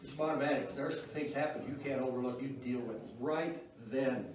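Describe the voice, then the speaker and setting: A man's voice: mid-range voice, steady tone, a little fast, darkish tone. An older man teaching a church class on parenting, folksy and wry, chuckling at his own stories. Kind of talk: informal church class talk. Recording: echoey room, mic far off.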